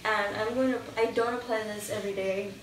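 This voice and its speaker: Her morning voice is medium-pitched, steady and fairly quick, with slight background noise. A young beauty vlogger, she chats casually and a touch hesitantly while doing her makeup at home, thinking aloud. A shower can be heard in another room, and the distant mic picks up an echoey space.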